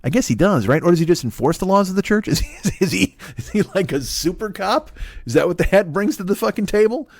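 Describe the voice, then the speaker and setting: A man's voice: high voice, animated, fast talker, no echo. A man doing a rambling, profane comedy monologue. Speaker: stand-up comedian.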